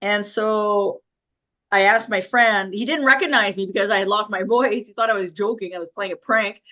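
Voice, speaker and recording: A woman's voice: mid-range voice, normal speed, sharp tone. Woman telling a painful story. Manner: emotional, vivid retelling with quoted voices and nervous laughs. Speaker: interview guest. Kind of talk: personal storytelling in an interview.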